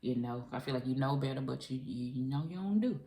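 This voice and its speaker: A woman's voice: very deep voice, expressive, fast talker, mellow, echoey room. A woman giving a chatty, emphatic tarot reading to her viewers, speaking casually with frequent profanity. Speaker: tarot reader.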